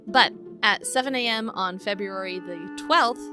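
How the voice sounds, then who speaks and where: A woman co-hosting a podcast retells a case from her notes in casual conversation, laughing often. She speaks over music with a medium-pitched voice at a moderate pace.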